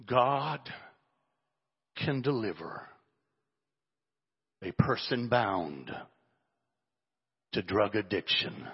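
A man preaching a sermon as pastor, speaking slowly and emotionally, building to fervent prayer. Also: fairly low pitch, expressive, husky, lo-fi sound.

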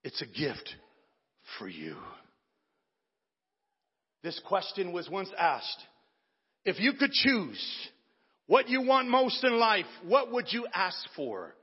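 A man's voice: high voice, big pitch swings, takes it slowly, breathy edge. A man preaching a sermon with impassioned, dramatic delivery, recorded in a church sanctuary with an echoey, dull lo-fi sound.

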